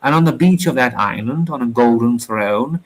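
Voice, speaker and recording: Male reader, storybook narration, lively telling, mid-pitched voice. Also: normal speed. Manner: lively storytelling with small slips. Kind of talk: reading a story aloud.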